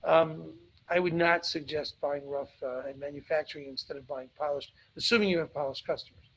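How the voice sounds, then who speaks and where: A man's voice: on the high side, fairly even intonation, fairly quick, a bit bright, slightly rough, poor audio. A man hosting a live webinar, answering audience questions in a blunt, emphatic way and repeating points for stress.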